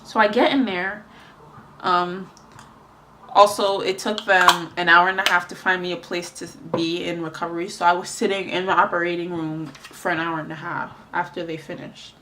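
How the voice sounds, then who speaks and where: A woman's voice: on the low side, little pitch movement, moderate pace, sharp tone, slight background noise. A young woman telling a rambling story in casual chat while doing her makeup, with lots of fillers. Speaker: beauty vlogger.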